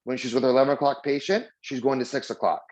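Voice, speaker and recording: A man's voice: medium pitch, quick pace, rough recording. A man teaching a casual mindfulness lesson, chatty and full of fillers, acting out the voices in his stories. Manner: chatty storytelling with many fillers; acts out dialogue with lively voices. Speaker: mindfulness trainer.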